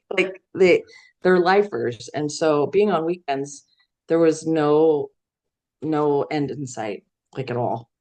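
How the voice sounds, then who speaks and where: A middle-aged woman from Iowa with a notably low voice. She talks casually in an interview, rambling through her story with fillers and light laughs. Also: slow pace, darkish tone. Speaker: guest, veteran news executive.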